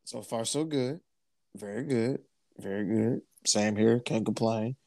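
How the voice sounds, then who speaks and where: A man's voice: fairly low pitch, measured pace, vocal fry, mellow, no echo. A man hosting a casual podcast chat, laid-back, repeating his phrases and laughing easily. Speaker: podcast host.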